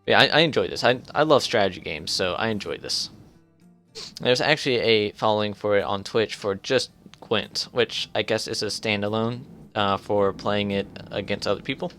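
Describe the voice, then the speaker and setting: A man streaming a card game live, thinking aloud in halting starts while his voice grows strained. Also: on the low side, fairly bright tone, faint music behind. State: strained, fading voice. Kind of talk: casual live gameplay commentary.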